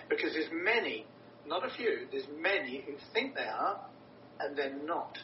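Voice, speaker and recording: A man's voice: very animated, a little slow. A man preaching a sermon in an earnest, emphatic way, often repeating words for stress. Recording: roomy, distant, dull with low rumble.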